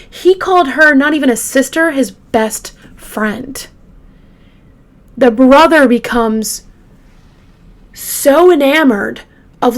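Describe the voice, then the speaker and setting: A young woman with a somewhat high voice tells a true crime case at an unhurried, drawn-out pace. She chats with her listeners directly and lets her feelings show as she goes. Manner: chatty, emotional, addresses listeners directly. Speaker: true crime podcast host. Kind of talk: casual true crime storytelling.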